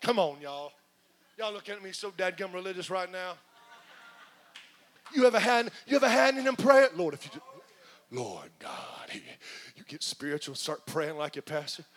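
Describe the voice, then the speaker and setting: A pastor preaching a sermon to his congregation, swinging from hushed, muttered asides to shouted calls. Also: high-pitched, lively intonation, normal speed, long pauses. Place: church sanctuary with congregation.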